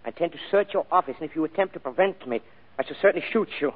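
An actor playing a fussy, overly courteous foreign gentleman with formal phrasing in a vintage radio drama. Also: fairly high pitch, animated, very fast. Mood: cold polite. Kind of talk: 1940s radio acting. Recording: tinny old radio broadcast recording.

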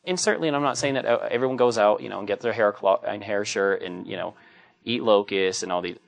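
A man's voice: fairly low pitch, fast talker, gravelly. A middle-aged man, a Catholic priest, giving a conversational homily full of joking anecdotes. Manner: anecdotal and joking, acts out quoted voices.

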